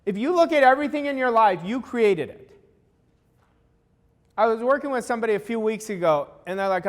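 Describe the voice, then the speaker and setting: A man with a strikingly high voice coaches an audience in a motivational talk. He drives his points home by saying them twice, with plain emphasis. His voice trails off into a long hall reverb. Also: brisk, fairly bright tone. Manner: emphatic, repeats key lines for weight.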